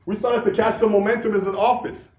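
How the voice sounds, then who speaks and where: A man with a high voice gives a motivational speech in an echoey meeting room. He keeps firing rhetorical questions at the crowd and repeats key lines for emphasis. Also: steady tone, fairly quick, a little mellow. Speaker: office leader giving a motivational talk.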